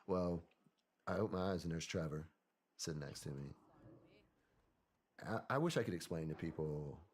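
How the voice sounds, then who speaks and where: A man, a podcast guest, telling a personal story in a soft-spoken, hesitant way that often trails off. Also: sits low, slight background noise.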